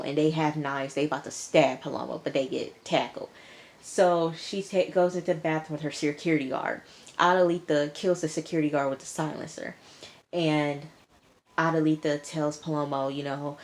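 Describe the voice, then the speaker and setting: A woman's voice: deep voice, fairly even intonation, normal speed. A young woman casually recapping a TV episode, sassy and talking back to the characters. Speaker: TV episode reviewer.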